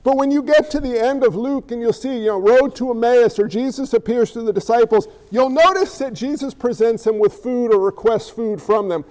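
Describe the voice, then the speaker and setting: A pastor preaches in a conversational, joking way, tossing questions out to the congregation. His voice sits very high for a man, light and reedy. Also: moderate pace, few pauses, darkish tone, poor audio. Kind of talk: sermon.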